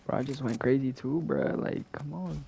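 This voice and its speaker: A man's voice: medium pitch, moderate pace, gravelly. A young man chatting casually while gaming, slangy and boastful, rambling through stories. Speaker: gamer. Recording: noisy online voice chat.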